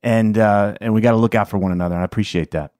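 A man's voice: fairly low pitch, fairly even intonation, rapid-fire, a little mellow, dry recording. Male podcast host, enthusiastic and affirming, dry close sound. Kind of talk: casual interview conversation.

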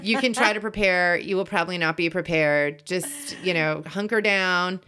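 A woman in her forties co-hosting an easygoing conversation in a lowish voice. She speaks bluntly and doesn't hold back on casual swearing. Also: normal speed, sharp tone, smooth. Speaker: podcast co-host. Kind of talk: casual chat.

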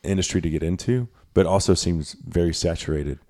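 A man hosting a podcast, chatting in a relaxed, joking way and asking easy questions. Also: sits low, brisk. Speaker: podcast host. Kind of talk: casual podcast conversation.

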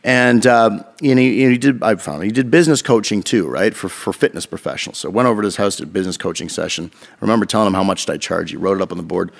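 Fast-talking gravelly man telling stories. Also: lowish voice. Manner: profane, animated storytelling with quoted dialogue. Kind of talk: casual podcast storytelling.

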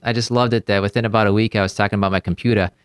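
A man's voice: lowish voice, fairly even intonation, very fast, clear, resonant tone, no echo, clean studio sound. A middle-aged man hosting a podcast, upbeat and friendly in his banter with guests. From Maryland. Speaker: host.

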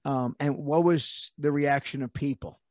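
A man's voice: fairly high pitch, steady tone, a little slow, a little mellow, no room sound, clean studio sound. A man hosting a podcast interview, speaking hesitantly with many fillers and frequent laughter. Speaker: podcast host, PE teacher. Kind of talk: conversational interview.

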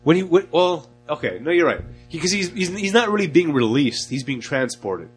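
A man's voice: on the high side, sing-song, moderate pace, husky, faint music behind. A man co-hosting a casual movie podcast, joking, swearing and rambling. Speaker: podcast co-host. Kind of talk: casual movie review chat.

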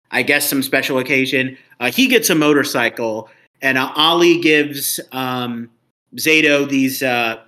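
Bright-voiced man ranting on a podcast. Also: mid-range voice. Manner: ranting, exasperated. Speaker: podcast co-host. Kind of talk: casual review chat.

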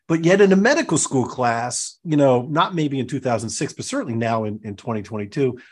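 A man hosting a podcast interview, asking long rambling questions. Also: mid-range voice. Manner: rambling questions with many restarts and fillers. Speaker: podcast host, surgeon.

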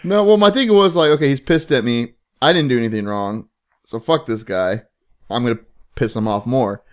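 A man's voice: medium pitch, normal speed. A man co-hosting a podcast in casual chat, self-deprecating and crude, laughing a lot. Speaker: podcast co-host.

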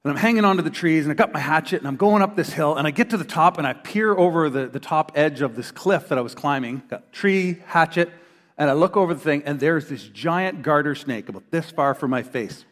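Man, middle-aged, pastor, sermon, fairly high voice, animated storytelling, long hall reverb. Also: a little fast. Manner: animated storyteller who acts out quoted voices. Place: church hall before a congregation.

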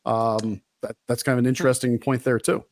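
A man's voice: medium pitch, fairly quick. A man hosting a casual talk radio show while sick with a fever, chatty and easygoing, with a dry close sound. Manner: relaxed, chatty, with fillers and laughs. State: feverish with covid. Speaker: host.

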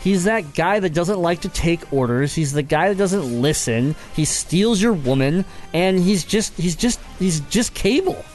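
A man co-hosting a casual podcast chat, teasing a friend with lively, exaggerated storytelling. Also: a little slow, few pauses, faint music behind. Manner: animated teasing, bursts into high squeaky impressions. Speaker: podcast co-host.

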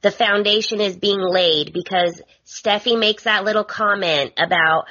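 A woman guest co-hosting a casual podcast, animated and given to exasperated asides. Her voice is bright with a breathy, husky edge. The sound is muffled and lo-fi. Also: mid-range voice, normal speed, few pauses. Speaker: guest co-host. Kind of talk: casual soap opera recap chat.

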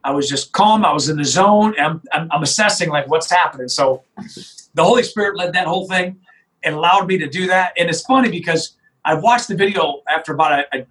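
A middle-aged man, a sheriff telling his story in an interview with emphatic, animated delivery and frequent restarts. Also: on the high side, fairly quick, low-quality recording.

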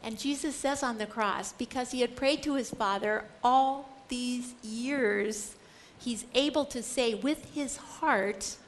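A woman's voice: a little high, takes it slowly, slight background noise. A middle-aged woman giving an earnest, emphatic Catholic Bible lecture, acting out the quoted lines. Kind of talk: lecture on scripture.

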